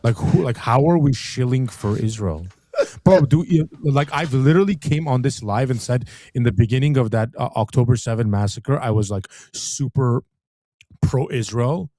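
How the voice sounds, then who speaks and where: A man co-hosts a casual live commentary stream, talking fast and loose, full of restarts and filler words. His voice is dark and mellow. The sound is close and dry. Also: mid-range voice, no echo. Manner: rambling, many restarts and filler "like". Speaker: co-host.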